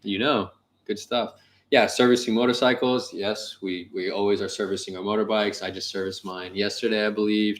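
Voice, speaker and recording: Low-voiced young man, casual chat. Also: fairly bright tone. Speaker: co-host of a travel channel.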